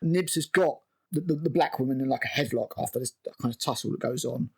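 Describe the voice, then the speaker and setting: A man's voice: mid-range voice, quick pace, vocal fry, breathy edge. A man recapping a TV episode as a review host, exasperated and sarcastic and swearing freely.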